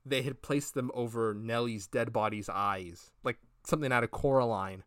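A man's voice: medium pitch, normal speed, a bit bright, no echo, studio quality. A man co-hosting a podcast, retelling scenes in a rambling, casual way and acting out the characters' lines. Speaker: podcast co-host. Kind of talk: casual review chat.

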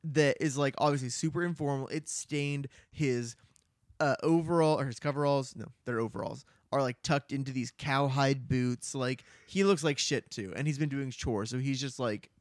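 A man's voice: mid-range voice, moderate pace, dry recording, studio quality. A man co-hosting a podcast in casual chat, talking loosely, swearing and leaning on "like". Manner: loose and profane, heavy on "like". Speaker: podcast co-host. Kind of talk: casual book-club chat.

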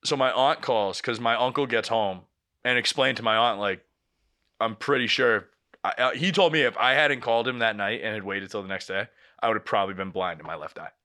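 Bright-voiced young man telling a story. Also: lowish voice, brisk. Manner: animated storyteller, swears a lot, acts out quotes. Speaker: podcast co-host. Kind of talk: casual chat, storytelling.

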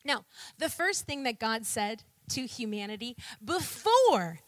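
This female preacher takes her time, speaking a little slowly in a high, bright voice that swings up and down with animated energy. Her sermon relies on rhetorical questions and call-and-response with the congregation, captured in a close, dry recording.

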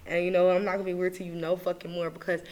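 A young woman hosting a podcast, venting in casual chat, animated and profane, swinging from loud outbursts to low muttering. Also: very fast, slight background noise. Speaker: podcast host.

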